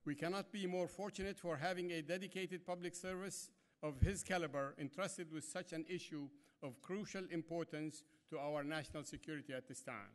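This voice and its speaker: A man formally introduces a speaker in a ballroom, measured and a bit hesitant. His voice sits somewhat high for a man. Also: fairly even intonation. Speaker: organization president introducing a speaker.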